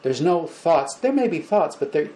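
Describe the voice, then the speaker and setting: Gentle man teaching a small group. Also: fairly high pitch, normal speed, slight background noise, low-quality recording. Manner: gentle, repetitive, animated when acting out examples. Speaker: spiritual teacher. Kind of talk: informal lecture to a small group.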